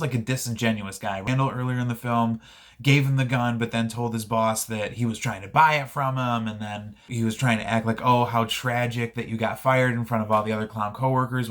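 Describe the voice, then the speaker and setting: A man giving a casual, rambling spoken film review, enthusiastic and full of restarts. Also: lowish voice.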